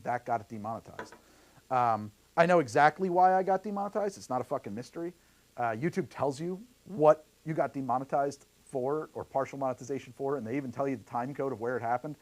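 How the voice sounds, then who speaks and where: A man hosting a livestream while mixing drinks, rambling and heated, swearing freely and laughing often into a studio mic. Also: mid-range voice. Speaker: livestream host making drinks. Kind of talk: casual livestream chat. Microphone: studio mic through a mixer rig.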